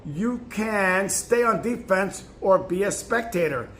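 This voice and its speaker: A man's voice: sits high, animated, slow, a bit bright, a little hiss or hum. A man reading a self-help booklet aloud in an emphatic tone, now and then stumbling and restarting a phrase. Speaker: narrator.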